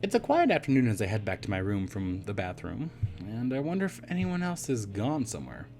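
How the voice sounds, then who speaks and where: A hoarse man reading a visual novel aloud as a let's play narrator, with wry, self-deprecating asides. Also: lowish voice, huge pitch swings, brisk, darkish tone, faint music behind.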